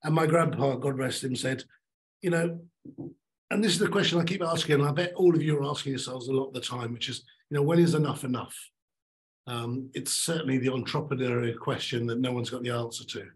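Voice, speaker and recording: A middle-aged man giving a motivational talk on stage, emphatic and animated, repeating his key lines. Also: mid-range voice, a little fast, poor audio. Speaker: keynote speaker.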